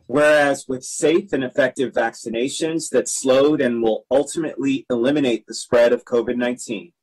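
A man, a council member, reading part of a formal resolution in a steady way. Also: medium pitch, moderate pace, slightly rough, poor audio.

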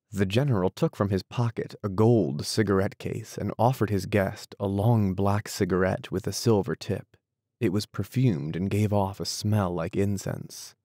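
A man reading a classic short story aloud as an audiobook narrator, steady and even. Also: on the low side, moderate pace, no room sound, studio quality. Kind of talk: scripted narration.

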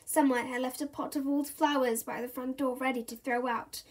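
Storybook reader: woman, high-pitched, animated and expressive. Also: normal speed. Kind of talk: children's story read-aloud.

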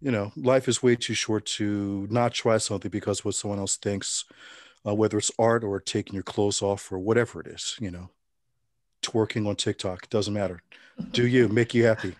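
Brief: middle-aged man, lowish voice, dry close sound, wry relaxed anecdotes. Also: normal speed, no echo. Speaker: interview guest. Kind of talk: casual storytelling interview.

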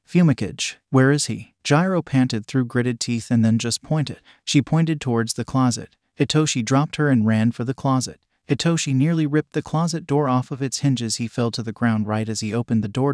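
A man's voice: medium pitch, darkish tone, dry recording. Man narrating a fan story, dry.

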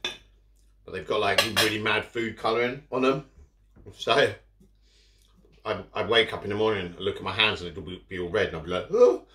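A man's voice: fairly low pitch, normal speed, long pauses, sharp tone. Chatty man eating on camera. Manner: rambling, chatty, eating and talking with mouth full. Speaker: food vlogger. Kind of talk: casual eating vlog chat. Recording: echoey room. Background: cutlery and dishes.

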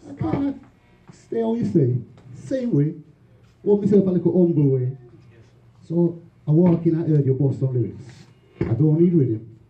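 A man's voice: fairly high pitch, animated, normal speed, long pauses. A man from Manchester and Ghana, a guest performer, giving rhythmic chanted spoken word in a bookshop. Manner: rhythmic, chanting, repetitive refrains. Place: bookshop, indoors. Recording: echoey room, dull lo-fi sound.

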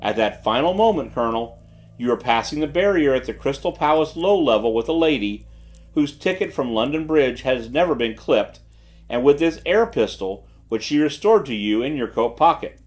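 A man voicing a shrewd gentleman detective who speaks quietly and with calm assurance. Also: mid-range voice, lightly acted. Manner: quiet, measured, self-assured.

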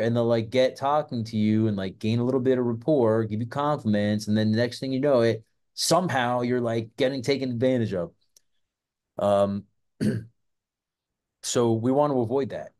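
Brief: easygoing male host, loose and profane, a warm, relaxed voice. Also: mid-range voice, moderate pace. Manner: rambling, profane, filler-heavy. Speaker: self-defense channel host. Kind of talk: casual monologue.

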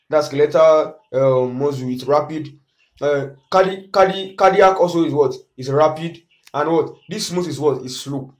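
A man's voice: on the high side, a little mellow. Nigerian male teacher asking "what?". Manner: asks "what?" then answers himself. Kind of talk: exam revision lesson.

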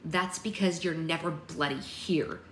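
A woman's voice: lowish voice, lively intonation, fairly quick, lightly acted. A woman voicing a haughty, curt witch mother. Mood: stern. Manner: curt, stern. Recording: echoey room with faint noise.

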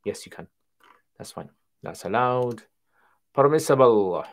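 A man hosting a casual livestream Q&A, reading viewer questions aloud and answering them in a relaxed conversational way. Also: medium pitch, a little slow. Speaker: Islamic Q&A livestream host.

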